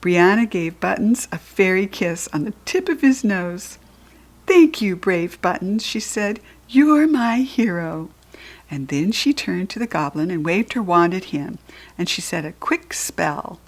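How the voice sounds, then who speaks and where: A woman's voice: fairly low pitch, normal speed. American woman reading a storybook aloud. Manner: lively, expressive reading. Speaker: children's book reader.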